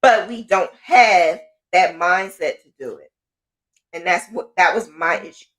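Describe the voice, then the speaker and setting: A woman's voice: lowish voice, a little slow, a bit bright. A woman hosting a podcast, telling her own story in casual talk and often repeating phrases for emphasis. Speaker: podcast host.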